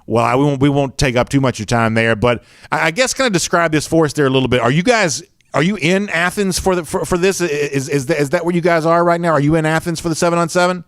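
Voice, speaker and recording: A man's voice: fairly high pitch, fast talker, hardly any pauses, dry recording, studio quality. A man with a Southern accent hosting a sports show, chatting casually and reading viewer comments with lots of fillers. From American South.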